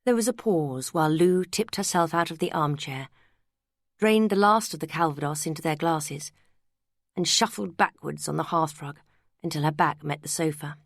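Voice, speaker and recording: A woman narrating a novel as an audiobook in an even, measured storytelling manner. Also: low voice, dry recording, clean studio sound. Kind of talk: scripted narration.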